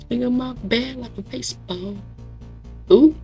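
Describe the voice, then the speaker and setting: A woman's voice: a little high, measured pace, gravelly, warm tone, faint music behind. A young woman with a scratchy voice giving joking, self-mocking commentary while playing a horror game. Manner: jokey, self-mocking, giggly asides. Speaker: gamer. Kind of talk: let's play commentary.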